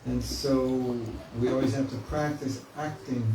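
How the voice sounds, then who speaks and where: A man's voice: medium pitch, little pitch movement, a little slow, dark tone, distant mic. A man giving a spiritual class in a conversational, joking way, often acting out inner voices. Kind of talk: informal spiritual class talk. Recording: echoey room, mic from afar, faint hiss.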